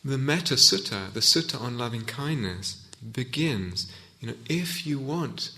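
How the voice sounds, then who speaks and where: A man's voice: medium pitch, expressive, measured pace, bright, forceful tone. A man giving a reflective Dharma talk as a meditation teacher in a hall, often restarting and searching for words.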